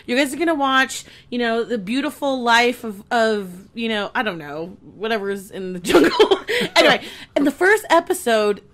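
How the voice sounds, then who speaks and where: Lively, bright-voiced woman chatting on a podcast. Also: a little high, moderate pace. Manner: animated, giggly, emphatic. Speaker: podcast co-host. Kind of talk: casual chat.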